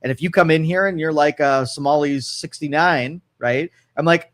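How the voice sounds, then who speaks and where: A man's voice: on the high side, moderate pace, hardly any pauses, a bit bright. A man co-hosting a radio talk show, opinionated and rambling, with frequent restarts and an Ohio accent. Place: radio studio.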